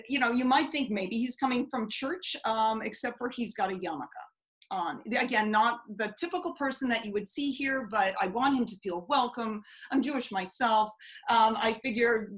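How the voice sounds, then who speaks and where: Over a video call, a woman who teaches storytelling shares a personal story in a lively, conversational way packed with fillers. Her voice is medium-pitched, and the recording quality is low.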